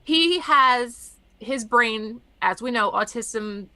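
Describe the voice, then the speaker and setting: A woman with a high, bright voice tells stories in a casual podcast chat. She talks animatedly and acts out what people said. The sound is dry and close. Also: slow pace, no room sound. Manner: animated storyteller acting out quotes. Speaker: podcast host.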